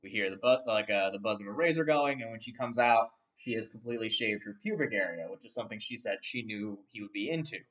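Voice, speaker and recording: Low-voiced man rambling through a film recap. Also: fast, few pauses, fairly bright tone. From not from London. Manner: rambling, lots of fillers and restarts. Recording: dull, distant mic.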